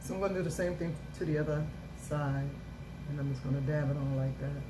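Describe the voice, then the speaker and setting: A middle-aged woman with a low voice talks through her makeup routine in a casual, upbeat way, repeating her catchphrases over and over. A steady hiss of background noise runs under the recording. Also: brisk. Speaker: makeup vlogger.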